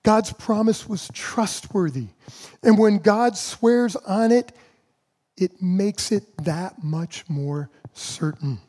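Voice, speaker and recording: A pastor delivering a sermon in a church, lingering on his words with long, deliberate pauses. His voice is mellow and warm, and he speaks at an unhurried pace, slowing further to stress each point. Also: high-pitched. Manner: measured preaching with slow emphatic pauses.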